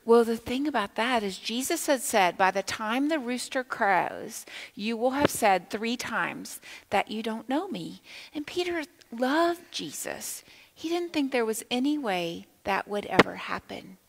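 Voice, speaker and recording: A woman leading children's time in a church, telling a Bible story in an animated way, asking the children questions and sometimes dropping to a whisper. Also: on the high side, a little slow, vocal fry, a little hiss or hum, rough recording. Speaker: children's minister. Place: church sanctuary.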